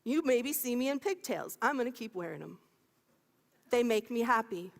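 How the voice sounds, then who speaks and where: A minister in her fifties delivers a lively, playful sermon in a church sanctuary, laughing often and chatting with the congregation. Her voice sits on the high side with lively intonation, vocal fry, and a moderate pace, and the hall's long reverb is audible.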